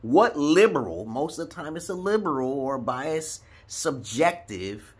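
Casting: husky-voiced man from Brooklyn, lively swooping delivery, loose and profane, rambling vlog rant. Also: on the high side, unhurried. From Brooklyn, New York, USA. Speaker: vlogger. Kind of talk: casual rambling monologue.

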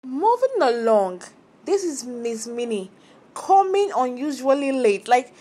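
A woman's voice: high voice, measured pace, husky. A young woman chatting casually and with strong opinions as she recaps a reality TV episode, often acting out what the cast said. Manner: chatty, opinionated, animated quoting of cast members. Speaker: reality TV commentator. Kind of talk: casual reaction vlog.

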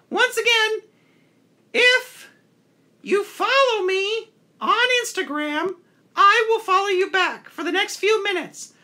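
A man's voice: very high-pitched, bright, forceful tone, full character voice. A man voicing a cheery male toilet paper puppet who hosts a live call-in show with chatty, playful talk. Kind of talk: live stream call-in chat.

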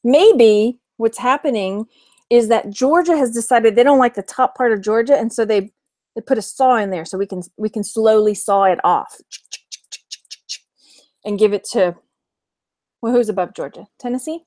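Slightly high-voiced with a darkish tone, this thirtysomething Texan woman talks at a moderate pace and pauses often. She's a vlog host and reseller chatting on a live stream, frequently giggling and reading out viewers' comments, in clean studio sound with no echo.

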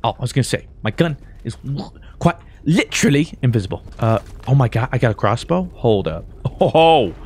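A man doing let's play commentary, excitable and jokey, switching between mumbled asides and high-pitched yelps. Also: fairly quick, breathy edge. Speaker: gaming YouTuber.

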